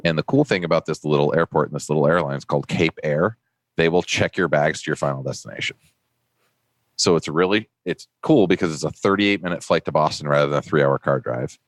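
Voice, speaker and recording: A man from New Hampshire with an extremely low, deep voice, co-hosting a podcast. He tells stories in casual chat and jumps higher when he imitates the people he quotes. The sound is dry and close. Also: fairly quick, dry recording. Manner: animated anecdote-teller, jumps pitch when quoting people. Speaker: podcast co-host.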